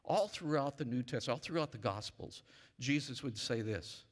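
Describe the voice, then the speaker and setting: A man's voice: medium pitch, animated, normal speed. A man pastor preaching a sermon emphatically, leading his church in call-and-response. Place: church sanctuary. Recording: long reverb of a church hall.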